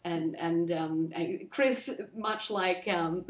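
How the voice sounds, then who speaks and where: A woman hosting a podcast, chatting casually and rambling as she recaps a film, acting out the characters in quick asides. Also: on the low side, echoey room. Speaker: podcast host.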